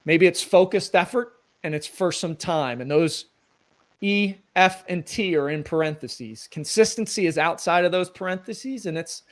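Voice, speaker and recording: A middle-aged man with a fairly high voice gives earnest, motivational coaching advice as an interview guest. He talks in a relaxed conversational way, laying out his points step by step. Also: normal speed.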